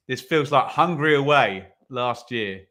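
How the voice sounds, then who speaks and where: A man's voice: medium pitch, bright, forceful tone. A man hosting a live football watch-along, commenting on play and reading viewer comments with wry asides.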